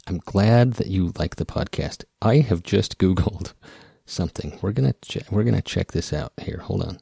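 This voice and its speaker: The speaker is a man hosting a casual podcast, his rural Western Midwest American accent carrying rambling, wry talk that keeps breaking off and restarting. His voice sits low and sounds gravelly, warm, and husky, animated at a normal speed. It's a dry, studio-quality recording.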